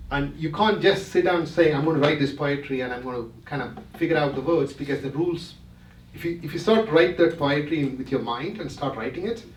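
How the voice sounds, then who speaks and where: A man's voice: on the high side, slight background noise. A man giving a talk to a retreat audience, explaining step by step and often checking that listeners follow along. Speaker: presenter. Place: retreat hall. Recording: roomy hall, mic from a distance.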